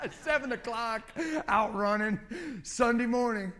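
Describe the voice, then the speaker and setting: Guy preaching a sermon, kinda high pitched, animated storyteller, lots of restarts. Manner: storytelling, animated, pausing and repeating words.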